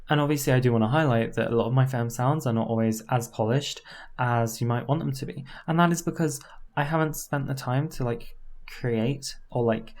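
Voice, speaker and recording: A woman voice coach giving a casual, informal lesson, often tagging her points with a quick question and trying out demonstration voices. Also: very deep voice. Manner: relaxed and informal, with frequent fillers and tag questions.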